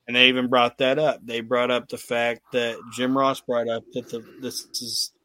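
A man's voice: medium pitch, level tone, moderate pace, bright, forceful tone, dry recording. A man hosts a casual podcast, recapping a wrestling match play by play. He laughs often and acts out lines in put-on voices. His voice sits in a middle range and is recorded dry and close. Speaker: podcast host.

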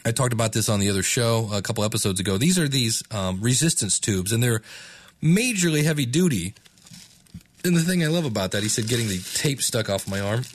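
A man's voice: mid-range voice, lively intonation, fairly quick, husky. A man hosting his own podcast, talking casually and candidly, self-deprecating and rambling with restarts. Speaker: podcast host. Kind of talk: casual solo podcast talk.

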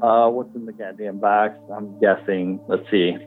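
Grateful male caller from Illinois, low voice, tinny phone audio. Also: steady tone, a little slow. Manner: earnest and grateful, filler-heavy. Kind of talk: casual call-in chat.

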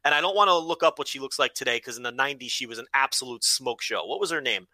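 A man's voice: mid-range voice, fast talker, sharp tone, no echo. A man co-hosting a podcast in loose, profane, joking chat. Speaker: podcast co-host. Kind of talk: casual chat.

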